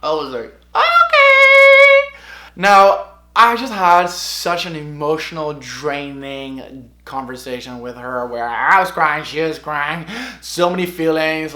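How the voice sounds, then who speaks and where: A young man in his twenties tells a personal story straight to camera, posing questions to himself and answering them with flair. His voice sits a little high and has a bright, forceful edge. The room around him rings noticeably. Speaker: vlogger. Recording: echoey room.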